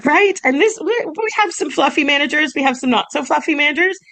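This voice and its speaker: A woman's voice: sits high, lively intonation, brisk, fairly bright tone. A young woman co-hosting a podcast in casual chat, bubbly and laughing often as she reads emails aloud. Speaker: podcast co-host, massage business owner.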